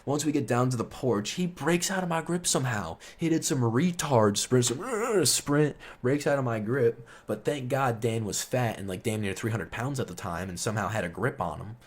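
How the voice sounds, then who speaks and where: A man's voice: mid-range voice, expressive, moderate pace, few pauses, husky. A man telling a story in a casual, rambling, profane way, chuckling as he goes. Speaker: storyteller host.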